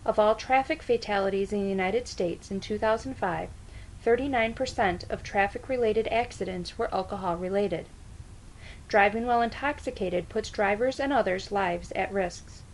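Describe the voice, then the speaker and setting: A woman delivering a prepared persuasive speech as a student speaker, reading out facts in a measured, even way. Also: medium pitch, slight background noise, rough recording. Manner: measured, reads out statistics evenly.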